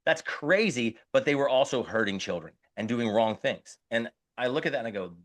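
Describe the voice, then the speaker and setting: A man's voice: mid-range voice, lively intonation, brisk, fairly bright tone, dry recording. A middle-aged man co-hosting a podcast, talking earnestly and often restarting while he searches for words. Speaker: podcast co-host. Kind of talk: casual podcast conversation.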